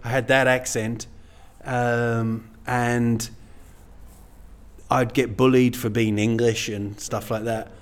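Middle-aged male comedian, casual guest chat, meandering, full of "you know", mid-pitched voice. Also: little pitch movement, slow pace, clear, resonant tone. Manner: rambling, self-deprecating, many "you know"s.

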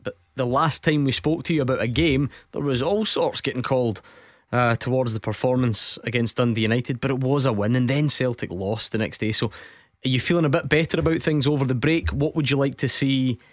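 Scottish male radio host, measured, dry studio mic. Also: mid-range voice, dry recording. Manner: measured, reasonable, reads out numbers. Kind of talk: radio phone-in hosting.

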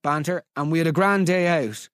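A man hosting a comedy podcast, reading out listener stories with incredulous, animated energy. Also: fairly high pitch, normal speed, clear, resonant tone, no echo, studio quality. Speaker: podcast host.

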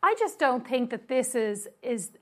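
An Irish woman speaks on a radio talk show in a fairly high voice. She is skeptical and challenges the others, doubting and blunt. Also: animated, a little slow, darkish tone. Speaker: radio panelist.

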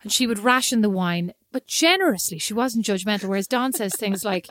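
A woman's voice: mid-range voice, brisk, no echo. Irish woman in her 30s chatting on a podcast, tells stories with lots of energy, dry sound. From Ireland. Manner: animated storytelling, laughs often. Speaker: podcast co-host. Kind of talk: casual chat.

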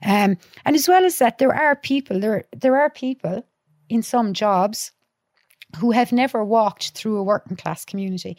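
Dublin woman telling lively stories. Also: on the high side, moderate pace, no room sound, studio quality. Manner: lively storyteller, acts out quotes, swears freely. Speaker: podcast guest, youth worker. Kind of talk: casual chat.

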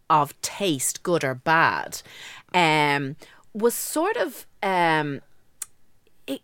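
Lively-voiced woman co-hosting. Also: medium pitch, clear, resonant tone, dry recording, studio quality. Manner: chatty, laughs easily, explains with asides. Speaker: podcast co-host. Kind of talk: casual chat.

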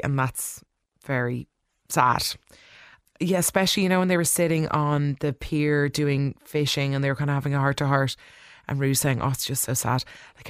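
Smooth, chatty soap recap host. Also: mid-range voice, a bit bright, no room sound, studio quality. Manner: chatty, opinionated, full of "like" and asides; talks back to the characters. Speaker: soap opera recap vlogger. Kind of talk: casual episode recap.

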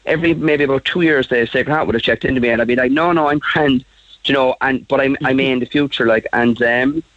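A man, telling a personal story as a radio guest in a halting way, with many fillers and restarts. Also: mid-range voice, steady tone, no room sound. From Ireland. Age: 40s. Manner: halting, full of fillers and restarts, laughs often. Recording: slightly muffled radio audio.

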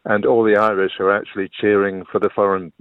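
A man's voice: fairly low pitch, level tone, fast talker, no room sound. An English man calling in to a radio show, telling stories in a chatty, easygoing way. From England. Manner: chatty, anecdotal. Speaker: radio caller. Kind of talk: casual phone-in chat. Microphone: telephone. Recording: tinny phone line.

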